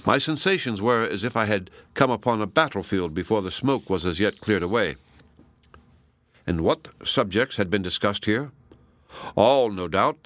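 A man narrating a novel in a measured, reflective storytelling manner. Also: on the low side, fairly bright tone, dry recording. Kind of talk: audiobook narration.

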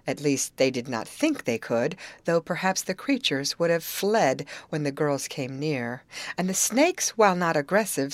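A woman narrating a novel aloud in an expressive, varied way. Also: low-pitched, no echo. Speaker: audiobook reader. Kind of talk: scripted narration.

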